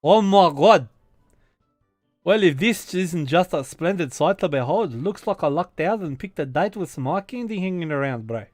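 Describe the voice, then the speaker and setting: A man's voice: on the high side, expressive, normal speed, no room sound, studio quality, faint music behind, voice pushed up, close to an everyday voice. A man putting on a brash Italian-Australian bro. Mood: cocky flirting. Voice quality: loud, blokey, calls everyone bro.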